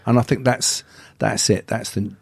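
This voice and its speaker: A man's voice: on the low side, fairly even intonation, normal speed, creaky, breathy edge, no room sound. An older man, a martial arts teacher telling stories as a guest in a casual interview, often stammering on the first sounds of words.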